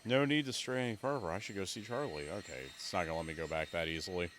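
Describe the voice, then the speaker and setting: A man's voice: low voice, fast talker, a bit bright, slight background noise. A man streaming a video game with casual, joking commentary, reading dialogue aloud.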